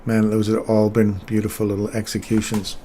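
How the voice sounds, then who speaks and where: A man's voice: fairly low pitch, monotone, brisk, noisy background. A man in his fifties who grew up in England and Canada, casually talking through chart moves and answering chat as host of a live trading stream. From England, raised in Canada. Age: 50s.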